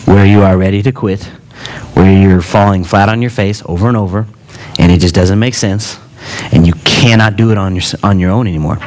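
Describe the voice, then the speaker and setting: A man preaching a sermon in a relaxed, conversational way, with joking asides between earnest points. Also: sits low, fairly quick.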